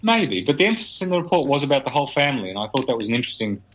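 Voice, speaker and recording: A man from Australia appears as a guest on a radio talk show. He walks through surveys and research in an explanatory, conversational way, with a voice of ordinary pitch. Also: big pitch swings, rapid-fire, fairly bright tone, poor audio. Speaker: business futurist guest. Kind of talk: radio interview chat.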